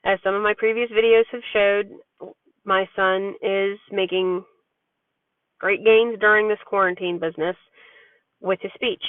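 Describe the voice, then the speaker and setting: Unhurried and steady, with long pauses, a woman's mid-range voice carries a frank, chatty vlog about being a parent. The candid, rambling monologue has no room sound and a tinny, dry, phone-like tone.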